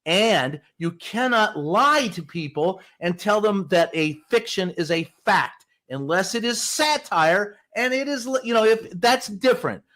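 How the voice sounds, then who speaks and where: A man's voice: sits high, animated, a little slow, few pauses, a bit bright. A man who is a White House correspondent, speaking as a guest in a podcast interview, blunt and emphatic, telling stories and swearing for emphasis.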